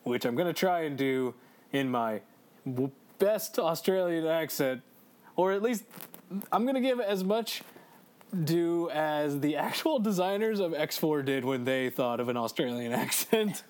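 A man's voice: fairly high pitch, unhurried. Hyped guy rambling about a video game, voice bouncing all over, cusses a lot. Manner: excitable, swears freely, laughs often. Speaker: let's play co-host. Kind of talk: casual gaming chat.

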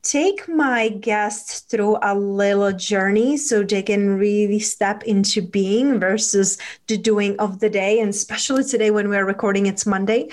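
A woman hosting a podcast interview, guiding her guest through a visualization in a gentle, soothing way. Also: medium pitch, measured pace, few pauses. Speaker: podcast host.

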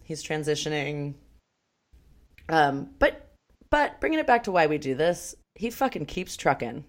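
A woman co-hosting a podcast, chatting casually about a film, animated, laughing and swearing often. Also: deep voice, unhurried. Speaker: podcast co-host.

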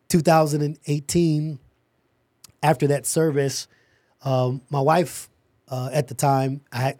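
A middle-aged man, a podcast guest, telling an animated story about starting his company and acting out the dialogue. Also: medium pitch, no room sound.

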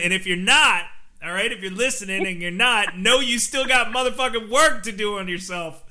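An easygoing man hosts a casual podcast, musing aloud and laughing along. His voice is bright and sharp, pitched a touch high. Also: moderate pace. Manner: easygoing, reflective, laughs often. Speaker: podcast host.

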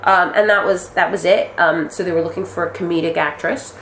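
A woman acting as interview guest, telling lively stories in casual chat, acting out quotes and swearing freely. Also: fairly low pitch, fairly quick. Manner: animated storyteller, acts out quotes, swears freely. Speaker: actress and guest. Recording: roomy echo with faint noise.

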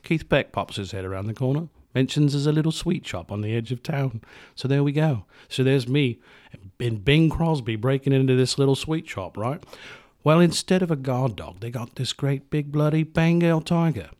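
A deadpan, boastful rock roadie , as a man puts him on, tells his tall tale in a put-on British accent that keeps slipping toward Australian. He sits in the middle of the male range and delivers each line flatly. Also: medium pitch, normal speed, dry recording, clean studio sound, close to an everyday voice. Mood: deadpan bragging. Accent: put-on British, drifting Australian.

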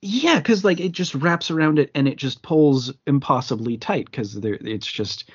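A podcast co-host with a fairly high, expressive, slightly rough voice talks about films at a moderate pace. He chats casually and rambles, with frequent restarts and fillers, and the lo-fi audio is slightly muffled.

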